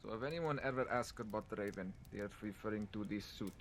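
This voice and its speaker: A man chatting in character during a game roleplay, halting and searching for words. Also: on the low side, noisy background. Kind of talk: casual in-character roleplay chat.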